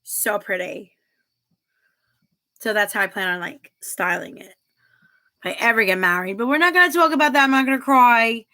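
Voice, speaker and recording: A woman's voice: a little high, moderate pace, long pauses, sharp tone. A woman in her thirties hosting a casual livestream, reading viewer comments aloud and chatting, giggling often. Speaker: livestream host.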